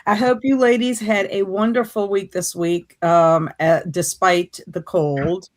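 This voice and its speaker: A woman's voice: mid-range voice, fairly even intonation, unhurried. A woman from Louisiana, hosting a casual livestream from her home office, reading chat comments aloud and laughing often. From Louisiana, USA. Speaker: livestream host.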